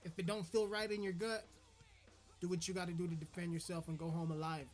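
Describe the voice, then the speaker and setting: A man's high-pitched voice, level in tone and a little fast, carries an angry sign-off rant on his podcast. He's furious and heated, stammering and swearing nonstop, while soft music plays behind him.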